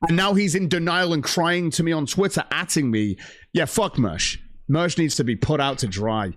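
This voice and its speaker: A man's voice: on the high side, moderate pace, no echo, clean studio sound. Profane, heated male stream host. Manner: reads out viewer donations. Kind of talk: ranting livestream commentary.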